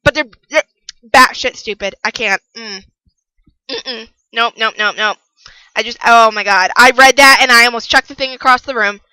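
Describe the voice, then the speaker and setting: A young woman giving a casual spoken book review, passionate and ranting, who repeats herself for emphasis and yells about parents. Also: a little high, normal speed, clean tone, no echo, rough recording.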